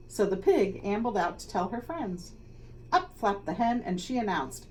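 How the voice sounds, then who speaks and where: A woman, a school leader, reading a children's picture book aloud with expressive, dramatic storytelling. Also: mid-range voice, normal speed. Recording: slightly distant mic, faint noise.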